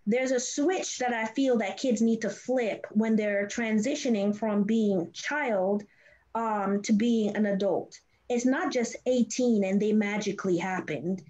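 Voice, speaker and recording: A middle-aged woman, a foster parent, telling her family story in a casual interview, animated and laughing often. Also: mid-range voice, unhurried. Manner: animated, laughs often, acts out quoted voices. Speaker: foster and adoptive parent guest. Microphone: video call. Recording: dull lo-fi livestream audio.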